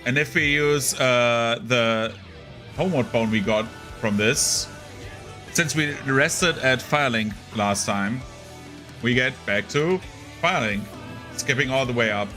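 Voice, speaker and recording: A man's voice: mid-range voice, measured pace, pushed and bright, faint music behind. A young man casually commenting on his gameplay, rambling and chatty with lots of fillers. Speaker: gaming streamer.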